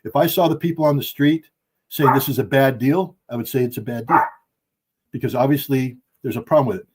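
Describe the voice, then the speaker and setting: A man's voice: mid-range voice, a little fast, darkish tone, husky. A middle-aged man giving heated, emphatic podcast commentary from home, blunt and impassioned. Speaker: guest commentator. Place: at home with dogs.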